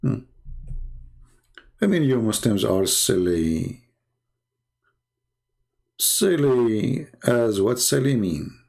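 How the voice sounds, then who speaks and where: Gravelly man with Arabic accent. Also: mid-range voice, very animated, drawn-out words, long pauses, a little mellow. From Arab world. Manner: sarcastic, broken English with frequent fillers. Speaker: host. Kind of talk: mocking live-stream commentary.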